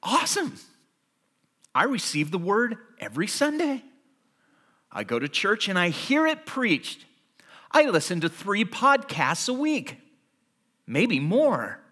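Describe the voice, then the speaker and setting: Bright, lively male preacher. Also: sits high, slow. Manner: animated storytelling, acting out everyday scenes. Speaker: pastor. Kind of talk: sermon.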